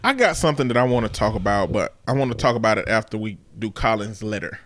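A man co-hosting a podcast, talking in a measured way and joking dryly. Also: lowish voice, animated, fairly bright tone, no room sound. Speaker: podcast co-host. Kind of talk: casual chat.

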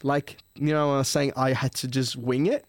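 Podcast guest: man, middle pitch, loose and sweary storyteller, dry close mic. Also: little pitch movement, normal speed, dry recording. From Melbourne, Australia. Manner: rambling, profane storyteller. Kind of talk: casual chat.

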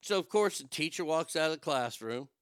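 A middle-aged man telling a long personal story in a profane, wisecracking way, with quick asides and voices for the people in it. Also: on the high side, animated, fairly bright tone, smooth, dry recording, clean studio sound. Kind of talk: casual storytelling monologue.

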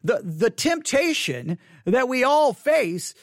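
Animated high-voiced male pastor. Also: takes it slowly, dry recording, studio quality. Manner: candid, self-deprecating, animated storytelling with frequent restarts. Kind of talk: livestreamed sermon. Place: church sanctuary.

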